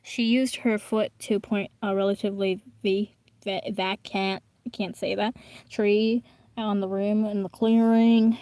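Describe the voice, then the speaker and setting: A woman's voice: mid-range voice, flat delivery, unhurried, warm tone, dry recording. A young woman casually reading a fan story aloud, often breaking off to make slangy, chatty comments. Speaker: reader.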